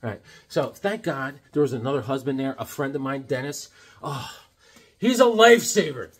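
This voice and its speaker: A man's voice: mid-range voice, lively intonation, normal speed, husky. A man chatting casually and joking as he leafs through comics, rambling into silly asides. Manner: rambling, joking, slips into silly voices and songs. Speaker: comic collector host. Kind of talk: casual comedic chat.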